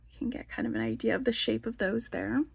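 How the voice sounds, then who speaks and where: A woman's voice: a little high, fast, vocal fry, slightly rough, dry recording, in a whisper. A woman hosting a casual show-and-tell vlog, chatty and enthusiastic, with lots of "like" fillers. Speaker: beading channel host.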